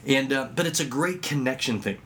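Animated man sharing kids' ministry tips. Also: a little fast, a little hiss or hum. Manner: lively storyteller who acts out dialogue with sudden pitch jumps. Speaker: children's ministry worker and magician. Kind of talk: instructional talk with anecdotes.

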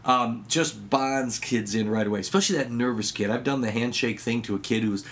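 A man explains how he connects with children through jokes, games and magic tricks. His delivery is instructional but playful, and his voice springs up sharply whenever he slips into the dialogue of his stories. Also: fairly quick. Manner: lively storyteller who acts out dialogue with sudden pitch jumps. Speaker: children's ministry worker and magician. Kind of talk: instructional talk with anecdotes.

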